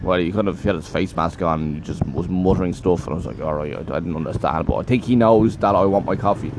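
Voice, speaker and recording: A man's voice: low-pitched, fast. A man hosting a podcast, chatting casually and complaining with lots of swearing while sitting outside at a café in the rain. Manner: sweary, complaining, animated storytelling. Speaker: podcast host. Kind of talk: casual ranting chat. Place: sheltered seat outdoors at a café in the rain. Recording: loud street and construction noise. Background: traffic and construction noise.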